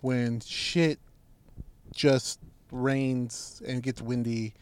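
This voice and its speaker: A man's voice: mid-range voice, fairly even intonation, very slow, clear, resonant tone. A young adult man co-hosting a podcast, telling a long rambling story in casual, profane chat full of fillers. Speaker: podcast co-host.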